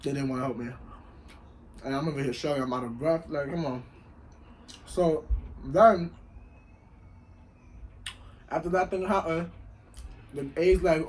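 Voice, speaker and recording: A man casually telling a lively story while eating, acting out the voices of the people in it. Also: on the high side, measured pace, long pauses. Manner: animated, acts out voices in quotes. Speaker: vlogger.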